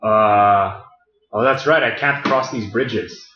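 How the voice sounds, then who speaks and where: Guy playing a puzzle game w a friend, kinda low voice, grumbles and swears at himself, echoey room. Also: slow pace. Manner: frustrated, self-mocking, swears a lot. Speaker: let's play co-host. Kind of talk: casual gameplay chat. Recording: roomy, dull lo-fi sound.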